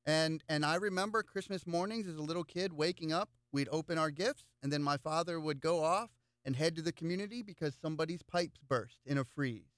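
A man's voice: fairly high pitch, brisk, few pauses, smooth, no echo, clean studio sound. A man running for local office, talking casually in an interview and telling stories with lots of repeated words. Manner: animated storyteller with frequent repeated words. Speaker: political candidate. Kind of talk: casual interview chat, storytelling.

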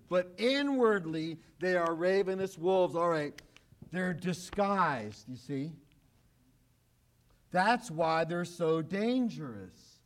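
A male pastor preaching a sermon, emphatic, repeating key phrases and often sinking to a hushed, low voice.

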